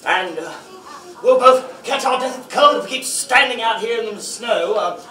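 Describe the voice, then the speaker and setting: A man's voice: extremely high pitch, normal speed, pushed and bright. A man playing a nervous, fussy, guilt-ridden male faun in a live stage play, stammering and exclaiming often. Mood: fussy, delighted. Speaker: stage actor. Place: library hall before an audience. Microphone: far camera. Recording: echoey hall from far off.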